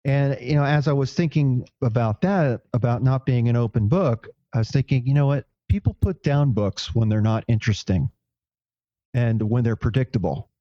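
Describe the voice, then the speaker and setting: A man's voice: mid-range voice, moderate pace, no room sound, highs cut off. A man co-hosting a podcast, reflecting aloud in casual chat with many restarts. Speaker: podcast co-host.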